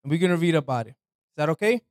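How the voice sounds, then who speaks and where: A man's voice: a little high, lively intonation, fast, no room sound. A man preaching an informal sermon in a loose, conversational way, often asking his listeners "right?" and dropping "man" into his talk. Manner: slangy, repeats "man" and "right".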